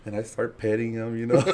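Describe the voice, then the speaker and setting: A man's voice: medium pitch, slightly rough. Guy telling a crazy story on a podcast, keeps laughing, does the voices. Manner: animated, laughing, acts out quotes. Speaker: podcast guest. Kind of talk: casual storytelling.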